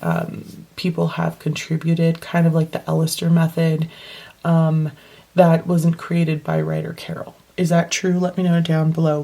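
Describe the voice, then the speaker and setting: Woman with a gravelly morning voice. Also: sits low, mellow. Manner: rambling, self-correcting, laughs often. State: deep morning voice. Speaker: bullet journal vlogger. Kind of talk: casual chatty tutorial.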